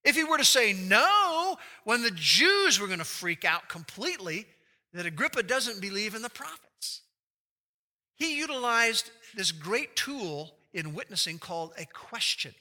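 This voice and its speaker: A man's voice: sits high, sing-song, measured pace. A man preaching an expository sermon, explaining scripture and putting rhetorical questions to his listeners. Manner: acts out quoted speech with big shifts in loudness. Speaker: pastor.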